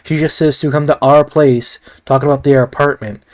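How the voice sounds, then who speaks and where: A man's voice: a little high, fairly even intonation, fairly quick. A man rambling casually through a film review, swearing often and breaking off into asides. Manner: rambling, profane, frequent restarts and asides.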